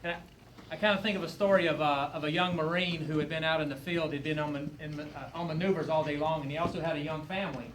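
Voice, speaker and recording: A man gives a public speech as a guest speaker at a veterans event, telling a story and then turning earnest in a folksy manner. His voice is on the high side, steady in tone, fast and a bit bright. The echoey room carries faint ambience plus a little hiss or hum.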